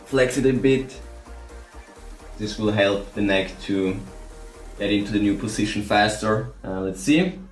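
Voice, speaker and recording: A man giving a relaxed, chatty guitar setup tutorial at home. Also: lowish voice, unhurried, pauses often, reverberant. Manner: relaxed, chatty, laughs at himself. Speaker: guitar vlogger. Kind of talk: casual tutorial.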